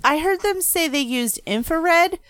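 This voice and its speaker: A woman's voice: very high voice, animated, measured pace, fairly bright tone, dry recording. A woman in casual conversation about a movie, adding laid-back, dry remarks. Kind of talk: casual film review chat.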